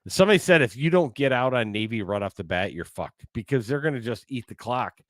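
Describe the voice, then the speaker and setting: A man's voice: mid-range voice, lively intonation, a little fast, no room sound, studio quality. A man co-hosting a casual sports podcast, blunt and swearing freely. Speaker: podcast co-host.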